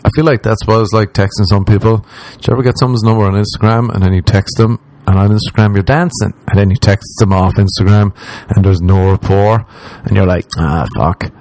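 A man's voice: fairly low pitch, steady tone, fairly quick, darkish tone, no room sound, poor audio. An Irish man hosting his own podcast, telling a rambling, profane, self-mocking story in a casual chat and putting on exaggerated voices when he quotes people. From Ireland. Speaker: podcast host. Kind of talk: casual comedic storytelling monologue.

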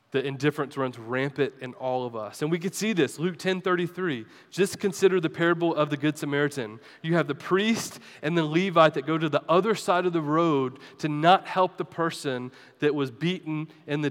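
This man's voice sits on the high side and is a bit bright, with a big-room sound. He's a pastor preaching in a church sanctuary, sharing a personal story and being chatty and self-deprecating with the congregation.

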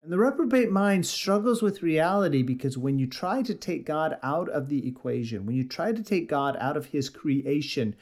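A man's voice: a little high, lively intonation, moderate pace, hardly any pauses, a little mellow. A man preaching a sermon, reading scripture aloud and earnestly expounding it.

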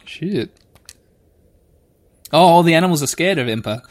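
A young man playing a video game, playfully and excitably narrating what happens and reading the text aloud. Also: fairly high pitch, moderate pace, pauses often. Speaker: game player. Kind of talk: let's play commentary. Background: faint game music.

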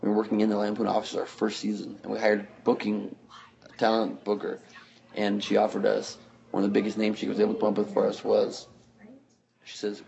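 A man with a gravelly voice, telling comic stories in a casual, mock-indignant way. His chat sounds dull and lo-fi. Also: fairly low pitch, completely flat delivery, brisk, a crowd in the background.

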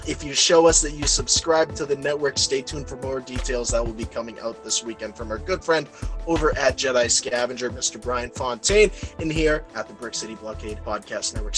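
A man from the United States hosting a podcast, talking in an animated, gushing way and plugging social media. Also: medium pitch, fairly quick, soft background music. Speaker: podcast host. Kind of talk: excited podcast chat.

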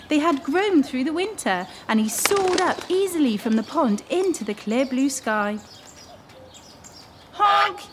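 A woman hosting a children's story show, reading a storybook aloud in an expressive, animated way. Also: high voice, a little hiss or hum. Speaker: children's story reader, host.

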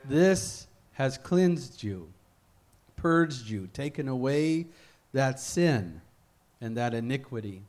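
Man preacher, sermon, slow unhurried delivery, mid-pitched voice, deliberate scripture reading. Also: lively intonation, a little mellow.

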